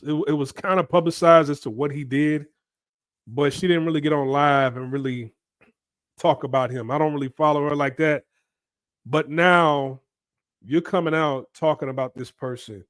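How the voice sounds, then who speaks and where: A man's voice: medium pitch, clean tone, no room sound. Preachy man with a dry voice. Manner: emphatic and preachy, keeps asking "right?". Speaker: commentary channel host. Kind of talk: opinion commentary monologue.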